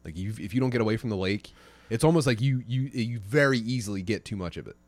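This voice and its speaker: A man co-hosting a podcast, telling a long, rambling, profane story in casual chat, often trailing off quietly. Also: lowish voice, lively intonation, quick pace, no echo. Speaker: podcast co-host.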